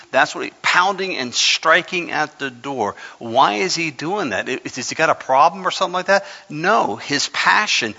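Male preacher, sermon, bright gravelly voice, dull lo-fi hall recording. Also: fairly high pitch. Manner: fervent, builds to hollering, folksy asides. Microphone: microphone. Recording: reverberant hall, dull lo-fi sound.

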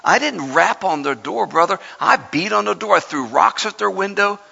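Male preacher, sermon, bright gravelly voice, dull lo-fi hall recording. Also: sits high, lively intonation, moderate pace. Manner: fervent, builds to hollering, folksy asides. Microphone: microphone. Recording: reverberant hall, dull lo-fi sound.

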